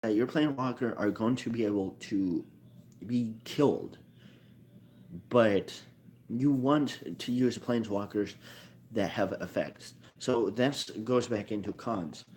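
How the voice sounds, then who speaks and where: A man's voice: lowish voice, slow, a little mellow. A man talking casually about a card game in a rambling monologue, often correcting himself as he thinks aloud. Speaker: card game video maker.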